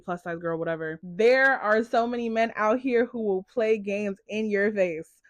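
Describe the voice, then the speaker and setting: A young woman talks straight into the camera in a casual confessional vlog. She is chatty and animated, telling her story with plenty of "like." The sound is close and dry, with no room around it. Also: lowish voice, dry recording. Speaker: content creator.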